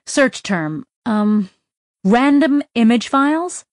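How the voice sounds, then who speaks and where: A woman's voice: fairly high pitch, expressive, slow, dry recording, clean studio sound, pitched above the performer's own voice. A woman reading a storybook aloud, voicing a wry, fun-loving young woman. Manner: wry, playful.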